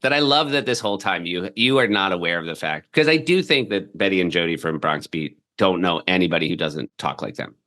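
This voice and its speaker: A man's voice: low voice, animated, fairly quick, few pauses. A man in his fifties hosting a podcast, reminiscing and chuckling through casual chat. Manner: warm-hearted, reminiscing, chuckling. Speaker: podcast host. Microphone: studio mic.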